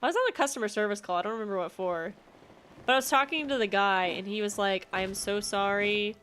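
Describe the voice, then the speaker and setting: A woman's voice: mid-range voice, lively intonation, fast talker, fairly bright tone, a little hiss or hum. A young adult woman streamer chatting casually while playing a game, rambling with lots of filler words. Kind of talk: casual gameplay commentary.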